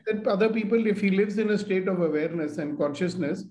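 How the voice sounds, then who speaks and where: A middle-aged man with an Indian English accent hosting a casual self-growth conversation, animated and acting out quoted speech. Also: high voice, fast, roomy sound, poor audio. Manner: animated, mixes in Hindi phrases, acts out quoted speech. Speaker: host.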